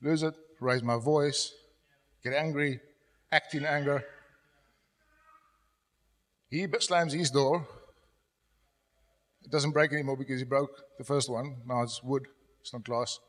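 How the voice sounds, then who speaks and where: A man's voice: mid-range voice, steady tone, measured pace, pauses often. Middle-aged male pastor in a reverberant hall. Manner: storytelling, drops to a soft confessional tone when quoting himself. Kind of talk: sermon. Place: church hall. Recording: long church hall reverb.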